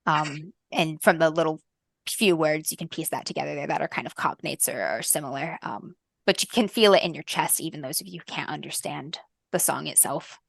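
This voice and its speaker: A woman game master narrating a fantasy tabletop game in a soft, lyrical way, with frequent ums. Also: deep voice, a little fast, gravelly, no room sound, studio quality.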